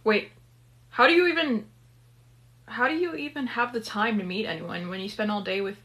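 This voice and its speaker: A woman's voice: fairly high pitch, moderate pace, heavy background noise, lightly acted. A woman voicing a nosy young female best friend who teases and pries. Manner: teasing and nosy. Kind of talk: dramatic story reading.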